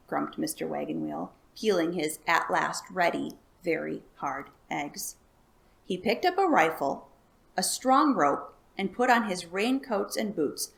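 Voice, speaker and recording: Library storyteller, woman, calm read-aloud with a gravelly edge. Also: fairly low pitch, unhurried. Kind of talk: reading a children's book aloud.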